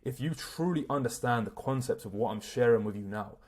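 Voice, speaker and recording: An energetic man speaks straight to camera as a self-improvement coach. He talks in a loose, slangy way and swears freely. His pitch sits at an ordinary middle level for a man. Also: fairly quick. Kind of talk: motivational talk to camera.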